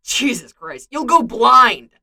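Woman reading a blunt, flustered young male soldier; bright, lively outbursts. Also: mid-range voice, moderate pace. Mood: exasperated. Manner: exasperated outbursts.

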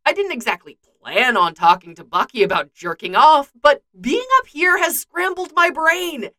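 Woman reading a teasing young male archer; bright, animated, self-mocking. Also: high-pitched, normal speed, pitched above the performer's own voice. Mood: rambling.

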